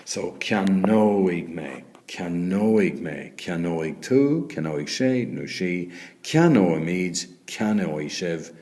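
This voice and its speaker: A man's voice: low-pitched, animated, slow, a little mellow. A man with an Irish accent teaching a recorded grammar lesson. He is patient, spells words out letter by letter and often checks in with "okay?". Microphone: voice-over on a screen recording.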